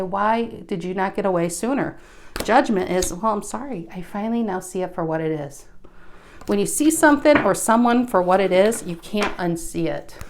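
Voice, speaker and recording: A woman giving a casual tarot reading, chatty, with frequent restarts and a slightly breathless delivery. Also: mid-range voice. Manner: chatty, restarts often, animated bursts. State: a bit out of breath. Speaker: tarot reader.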